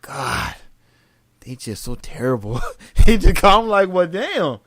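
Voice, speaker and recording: A young man co-hosting a casual podcast chat, telling stories and acting out quotes in a high voice. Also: slow pace, gravelly, no echo, clean studio sound. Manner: animated storyteller, acts out quotes in a high voice. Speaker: podcast co-host.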